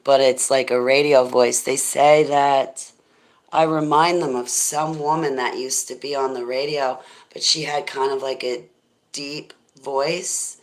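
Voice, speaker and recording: A middle-aged woman with a deep, smoky voice, hosting a rambling, goofy livestream chat and thanking viewers as she goes. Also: fairly even intonation, unhurried. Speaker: livestream host.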